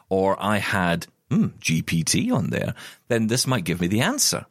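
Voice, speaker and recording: A man's voice: deep voice, wildly swooping pitch, normal speed, husky, no echo, clean studio sound. A man co-hosting a podcast, chatting casually and telling rambling stories full of asides. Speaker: podcast co-host. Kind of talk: casual chat.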